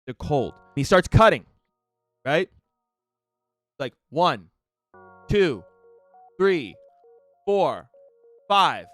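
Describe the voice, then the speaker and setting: A man streamer telling a story in casual talk to his viewers, animated and profane, acting out the people in it. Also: drawn-out words, pauses often, no echo, soft background music. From Canada. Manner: animated, profane, mimics the doctor in raised pitch.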